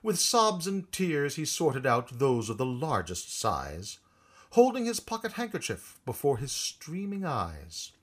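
A man reciting a storybook poem, with a husky voice and a lilting, expressive delivery. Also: mid-range voice, unhurried. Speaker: narrator.

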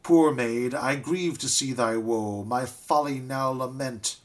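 A haughty young nobleman scoffs with slow, deliberate scorn, as a man reading a ballad gives him voice. The delivery is measured storybook recitation. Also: mid-range voice, lightly acted. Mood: scoffing.

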